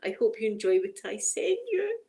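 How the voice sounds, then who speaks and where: A Scottish woman chats her way through an unboxing on her channel. She talks in a warm, emotional way, often restarting words as she stumbles over reading aloud. Her voice sits at an ordinary middle pitch. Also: very animated, moderate pace. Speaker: ASMR channel host. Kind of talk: casual unboxing chat.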